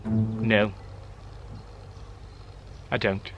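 A man's voice: fairly low pitch, flat delivery, extremely slow, muffled recording. Jokey young guy ranting. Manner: playful, jokey, exaggerated rants. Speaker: vlogger. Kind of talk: casual reaction vlog. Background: background music.

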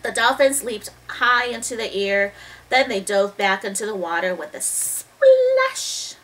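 A woman reading a children's chapter book aloud in a lively, expressive way, stopping now and then to talk about the pictures. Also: a little high, unhurried, far from the mic, poor audio. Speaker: storybook reader.

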